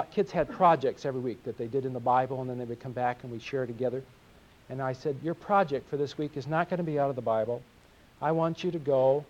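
A man's voice: mid-range voice, darkish tone, highs cut off. A middle-aged man preaching a sermon in an earnest, confessional way, often repeating words as he speaks.

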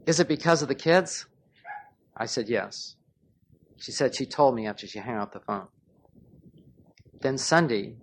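A man's voice: mid-range voice, a little hiss or hum. A man preaching a sermon, telling stories and putting questions to his listeners. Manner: storytelling preacher, asks the congregation questions. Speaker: pastor.

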